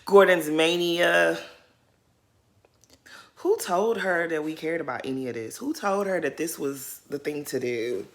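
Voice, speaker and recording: A woman's voice: sits low, measured pace. A woman giving casual, shady commentary on a reality show, ranting with sass. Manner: sassy, shady, animated ranting.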